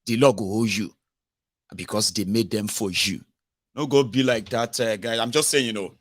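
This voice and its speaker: A man's voice: on the low side, moderate pace. A Nigerian man with a Pidgin English accent, giving sarcastic, exasperated political commentary. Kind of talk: ranting video commentary.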